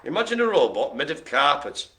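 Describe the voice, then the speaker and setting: A man's voice: a little high, very animated, fairly quick, background noise. A man hosting a live bingo stream, teasing and cracking jokes. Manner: jokey, teasing banter. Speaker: bingo host.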